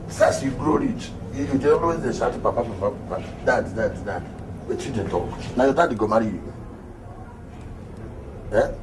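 A man's voice: medium pitch, sing-song, normal speed, pauses often, noisy background. A man with a Nigerian Pidgin accent playing a boastful, flirtatious hustler in a comedy film, talking in teasing, swaggering banter. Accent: Nigerian Pidgin English. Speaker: boastful suitor. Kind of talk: Nollywood comedy film acting.

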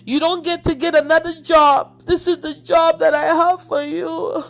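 A woman's voice: high voice, little pitch movement, a little slow, vocal fry. A woman preacher giving an emotional testimony, acting out the dialogue as she tells it. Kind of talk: testimony sermon.

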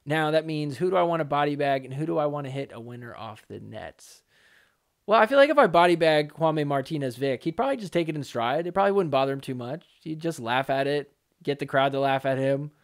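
A man's voice: a little high, expressive, brisk. A man hosting a solo pickleball commentary podcast, talking casually and joking around. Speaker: podcast host.

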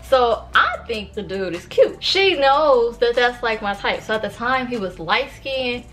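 A young woman from Sacramento in her early twenties, telling a story to camera in a casual, chatty way. Her voice sits a little high, and she keeps filling the gaps with "like" and calling out to her viewers. Faint music plays underneath. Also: expressive, a little slow, fairly bright tone. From Sacramento, California. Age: early 20s. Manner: chatty, filler-heavy, addresses viewers as y'all. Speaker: vlogger.

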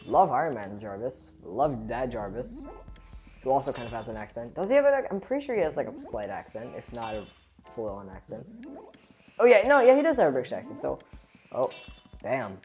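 Excitable female let's play host, rambling and chatty, very deep, lively pitch. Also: a little fast, soft background music. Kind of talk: gameplay commentary.

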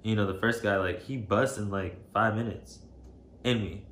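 A man telling a personal story to camera, shaken and emotional, halting and hesitant with many fillers. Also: on the low side, steady tone, fairly bright tone. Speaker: vlogger. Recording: roomy echo, faint background noise.

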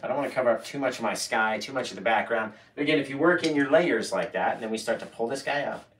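A playful, excitable man talks a live audience through a painting, echoing words back as he works. His voice sits in a roomy space, picked up from a distance off the mic, with a middle pitch for a man. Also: quick pace, a little hiss or hum. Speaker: painting instructor.

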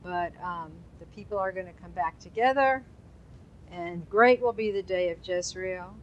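A woman's voice: fairly low pitch, normal speed, dull audio, a little hiss or hum. A woman teaching an informal Hebrew Bible lesson, chatty and quizzing her class. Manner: chatty, asks the class questions, loose asides.

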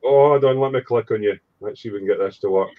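A man's voice: on the low side, fast. A man hosting a casual live stream, chatting jokily with friends on a video call and reading out the chat. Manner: chatty, jokey, reads out chat messages. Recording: dull lo-fi stream audio.

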